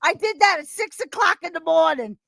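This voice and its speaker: A high-pitched woman chatting as a podcast guest, animated and rambling, breaking into laughter often. Her voice is close and dry with no room sound. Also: fairly quick, vocal fry, dry recording. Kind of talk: casual chat.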